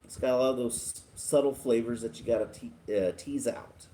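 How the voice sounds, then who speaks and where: A man's voice: mid-range voice, steady tone, moderate pace, dark tone, slight background noise. A man hosting a casual live stream, chatting and laughing as he reads viewer comments aloud. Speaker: livestream host.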